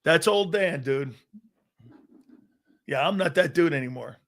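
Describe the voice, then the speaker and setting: A man's voice: fairly high pitch, animated, measured pace. A man in his fifties hosting a sports talk show, telling brash, boastful stories full of restarts and acted-out quotes. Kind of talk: casual sports talk storytelling.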